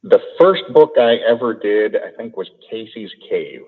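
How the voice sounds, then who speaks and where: An audiobook narrator from Idaho, USA, answers interview questions in an easygoing way, his voice fairly low and unhurried with lively intonation and a breathy edge. He chuckles often and repeats words when starting sentences, heard over tinny call audio echoing in a hall.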